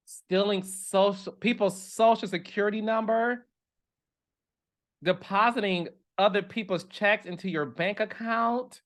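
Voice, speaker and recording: A man hosting a reality TV commentary show, talking in an animated, chatty way with dramatic asides. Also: sits high, a little slow. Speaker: reality TV commentator and podcast host. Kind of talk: casual chat.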